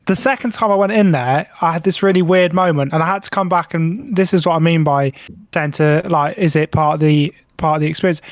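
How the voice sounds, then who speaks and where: Brief: male co-host, lively raconteur, swears a lot, a touch high, dry close sound. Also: a little fast, dry recording. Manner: animated, swears freely, acts out his own reactions. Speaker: podcast co-host. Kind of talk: casual storytelling banter.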